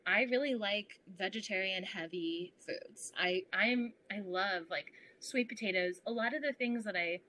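A woman's voice: medium pitch, unhurried, few pauses, slight background noise, poor audio. A young woman guest on a podcast, chatting casually and acting out her inner voices with frequent laughs. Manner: animated, acts out inner voices, laughs often. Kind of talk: casual interview chat.

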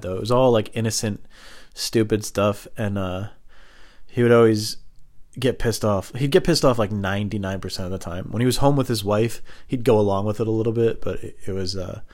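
A young man casually telling rambling, self-mocking stories. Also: fairly low pitch. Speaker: storyteller. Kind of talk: casual anecdote monologue.

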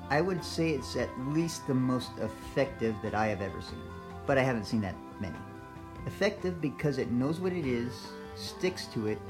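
Man reading a measured film review. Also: medium pitch. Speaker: listener sending in an audio review. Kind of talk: read-out podcast film review.

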